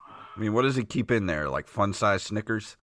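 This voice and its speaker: A man's voice: on the low side, animated, normal speed, fairly bright tone. A man co-hosting a casual podcast commentary, teasing and asking curious questions. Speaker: podcast co-host.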